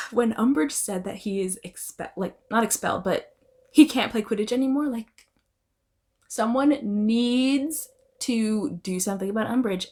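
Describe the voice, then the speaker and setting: A young adult woman talking casually and emphatically as a book vlogger reviewing her reads. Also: a little high. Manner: expressive, emphatic, often adds "okay?".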